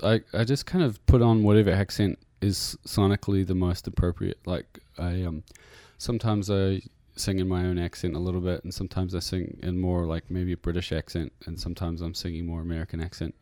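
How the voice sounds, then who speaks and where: A male musician guest with a New Zealand accent talks briskly, with hardly any pauses, in a low, steady, dark-toned voice. The casual interview is captured on a radio studio mic at studio quality with no room sound, and he rambles with plenty of fillers and restarts.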